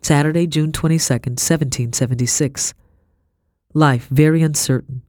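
A woman narrating a historical novel in first person, in a measured storytelling manner. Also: low-pitched, fairly even intonation, a little mellow, no echo, studio quality. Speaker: audiobook narrator.

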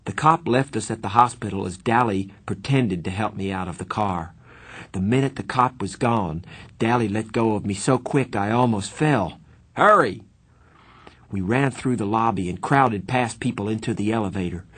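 A man reading a first-person novel aloud in steady, earnest audiobook narration. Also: on the low side, normal speed, husky.

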